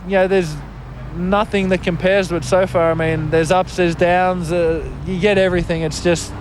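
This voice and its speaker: A young man, a basketball player, answering interview questions haltingly with many fillers. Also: sits high, little pitch movement, slight background noise. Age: young adult.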